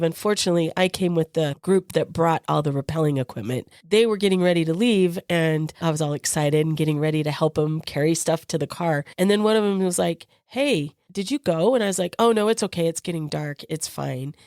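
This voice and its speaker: A woman's voice: fairly low pitch, a little fast, hardly any pauses, dry recording, clean studio sound. A woman co-hosting a podcast, telling a personal story in a casual way and acting out the voices of the people in it. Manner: lively storyteller who acts out the quoted voices of others. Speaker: podcast co-host.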